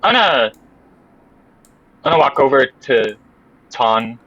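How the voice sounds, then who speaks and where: A man playing a tabletop game, describing his spell in a deliberate, rules-focused way. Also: mid-range voice, very animated, fairly bright tone, dry recording, lo-fi sound. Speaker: player.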